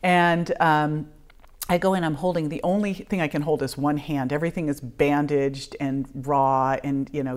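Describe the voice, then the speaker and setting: Brief: middle-aged woman guest with a deep voice, lively storyteller who plays out each quote. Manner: animated, acts out quoted dialogue, laughs often. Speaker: podcast guest. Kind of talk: emotional personal storytelling.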